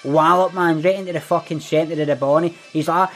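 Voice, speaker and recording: With soft music in the background, a Glaswegian-accented man acts out a foul-mouthed, swaggering young Glasgow ned boasting in a scripted comic monologue full of swearing. His voice is fairly high and a bit bright, fairly even in intonation, and fairly quick.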